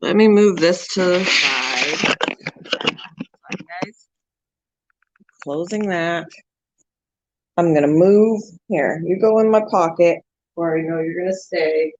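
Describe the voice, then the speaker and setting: A woman's voice: on the low side, slow, long pauses, highs cut off. A woman hosting a pet channel, chatting casually on a live stream and cooing to her small pets between remarks.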